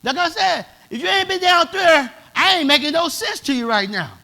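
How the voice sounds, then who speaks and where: High, bright-voiced preaching pastor. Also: male voice, expressive, a little fast, vocal fry. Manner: preaching in a dialect, swelling to shouts. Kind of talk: sermon.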